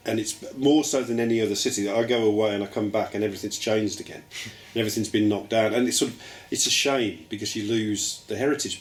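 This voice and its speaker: Recorded in an echoey room with faint ambient noise, a low-voiced man from Birmingham, England, a television writer, gives reflective interview answers. He's thoughtful and hedges with "I mean" and "I think."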